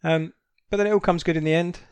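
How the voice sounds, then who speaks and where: Brief: fairly high-pitched South London guy, talkative, swears casually, very dry mic. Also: fairly even intonation, fast talker, darkish tone, smooth, no echo. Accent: South London English. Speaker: podcast co-host. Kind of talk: casual chat.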